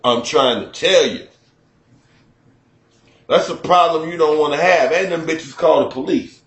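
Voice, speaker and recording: Profane animated Chicago man, roomy sound. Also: on the high side, a little slow. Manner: profane, animated, slips into mock voices. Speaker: radio show host. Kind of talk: loose comic talk radio rant. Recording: roomy studio echo.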